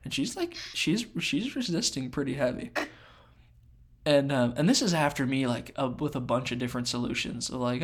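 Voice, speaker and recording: A man chatting casually on a podcast as he tells a long story. He is animated and often acts out what others said in their own voices. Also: mid-range voice, moderate pace, breathy edge. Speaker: podcast co-host.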